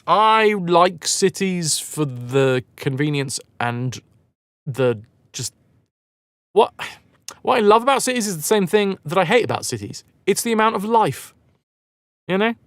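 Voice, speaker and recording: A man's voice: high voice, sing-song, unhurried, pauses often, no echo. A man live-streaming a game, chatting casually with viewers in a rambling, self-mocking way and swearing freely.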